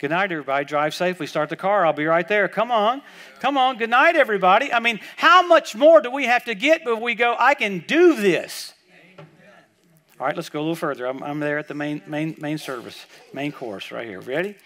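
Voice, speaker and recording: A man preaching a sermon at a church service, telling stories and swinging between quiet asides and loud, emphatic bursts. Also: high voice, lively intonation, quick pace.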